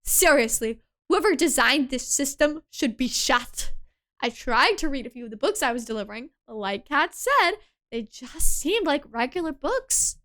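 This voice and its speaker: A woman's voice: high voice, lively intonation, moderate pace, sharp tone. A woman voicing a weary, sardonic young female heroine in a dating sim, narrating in a dry, exasperated way. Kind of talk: reading a dating sim aloud.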